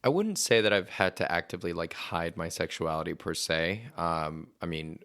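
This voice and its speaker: Deep gravelly guy from venezuela, chatty interview guest, dry close mic. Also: animated, normal speed, fairly bright tone, dry recording. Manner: chatty, rambling storyteller with many fillers. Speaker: actor and podcast guest. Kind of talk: casual interview conversation.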